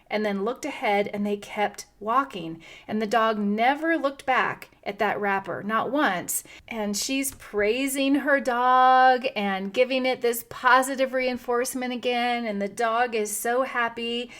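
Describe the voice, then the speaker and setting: A woman's voice: on the high side, fairly bright tone. A middle-aged woman hosting a wellness podcast, telling a personal story in an earnest, encouraging way. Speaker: podcast host.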